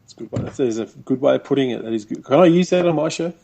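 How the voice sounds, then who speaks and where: A man's voice: mid-range voice, very fast, gravelly, mellow. An Australian man co-hosting a casual sports chat, easygoing and chuckling, with hesitant fillers. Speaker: podcast co-host. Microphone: call recording.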